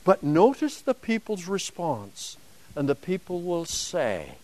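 A man's voice: sits high, very animated, slow, a little mellow. A man teaching a Bible lesson to a class, emphatic and dramatic, driving home points with rhetorical questions.

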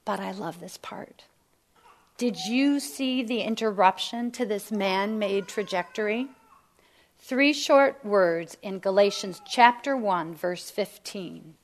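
A woman's voice: medium pitch, animated, fairly bright tone. A woman teaching a Bible study to women, emphatic and sometimes dropping to a near whisper. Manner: slow, emphatic, drops to near whisper at key lines.

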